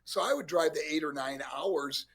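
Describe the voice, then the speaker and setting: A man's voice: fairly high pitch, normal speed. A man in his sixties from New York, a former pro wrestler telling stories as a guest with lots of laughs. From New York, USA. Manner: animated storyteller, laughs often, acts out voices. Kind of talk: casual storytelling interview.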